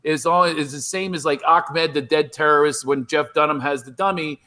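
A middle-aged man telling stories as a comedian guest, with a somewhat raised pitch. He rambles and restarts often, animated and loose, over a remote call. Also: moderate pace. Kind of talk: casual podcast interview.

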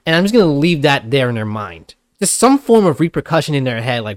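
A man's voice: mid-range voice, big pitch swings, brisk, dry recording, studio quality. A young adult man co-hosting a casual podcast chat, talking bluntly and animatedly, swearing and laughing often. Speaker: podcast co-host.

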